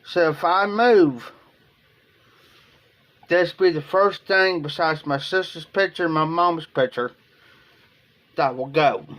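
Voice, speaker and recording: A man's voice: fairly high pitch, slow pace, pauses often, fairly bright tone. A man from Ohio talking casually on a livestream in a rambling, emotional way, often repeating himself. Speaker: live streamer.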